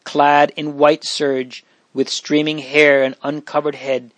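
A man's voice: on the high side, little pitch movement, slow pace, no room sound, lo-fi sound. Man narrating a storybook, dry sound.

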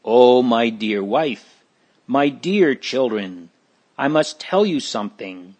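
A despairing father weighed down by a heavy burden pleads with his wife and children, his voice rising in alarm, as a man reading a storybook puts him on. He speaks slowly and heavily, with mid-range pitch. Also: animated, darkish tone. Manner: desperate, pleading.

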